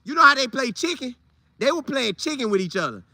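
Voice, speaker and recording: A man telling a funny old football story casually, with loud sound effects and vivid retelling. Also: very high-pitched, big pitch swings, brisk, heavy background noise. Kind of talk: animated storytelling.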